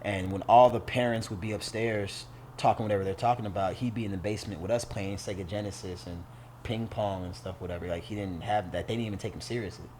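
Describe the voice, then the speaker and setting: A man's voice: on the low side, fast talker, a little hiss or hum. A man telling a story in casual podcast chat, slangy and swearing freely, acting out the lines he quotes. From St. Louis, United States. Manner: animated storyteller, acts out quoted lines loudly. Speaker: podcast guest.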